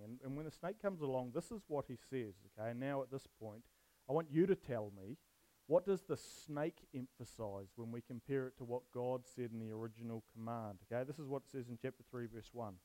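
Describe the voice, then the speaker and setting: In a low-quality recording, a man with a mellow mid-range voice talks fairly quickly. He's giving a casual, jokey sermon on a Bible passage and often puts questions to his listeners.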